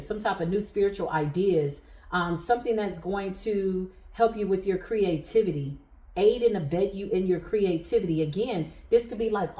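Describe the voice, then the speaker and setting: A woman's voice: medium pitch, warm tone, roomy sound. A woman giving a spiritual tarot reading to viewers, speaking in an emphatic, preacher-like cadence. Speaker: tarot reader.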